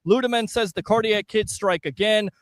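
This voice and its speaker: A man hosting a sports call-in show, upbeat and energetic, reading phone numbers and taking calls. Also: high voice, moderate pace, no echo. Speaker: host.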